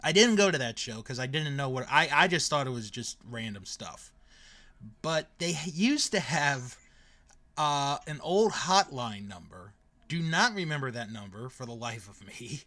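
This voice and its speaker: A man's voice: medium pitch, moderate pace. A man in his thirties hosting a casual podcast chat, telling stories with lots of fillers. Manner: lively storyteller with frequent fillers and laughs. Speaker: podcast host.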